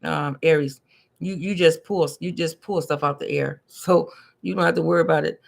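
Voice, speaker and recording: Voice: medium pitch, steady tone, moderate pace, vocal fry. A tarot and numerology reader talking casually to live-stream viewers, chatty and repetitive, tripping over hard words and laughing at their own slips.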